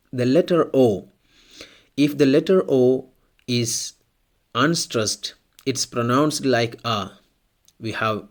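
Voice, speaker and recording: A male teacher talks through a pronunciation lesson at an unhurried, measured pace. His pitch sits in an ordinary middle range, and he says each example word twice so it sinks in. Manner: slow, deliberate, repeats example words. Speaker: language teacher. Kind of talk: scripted language lesson.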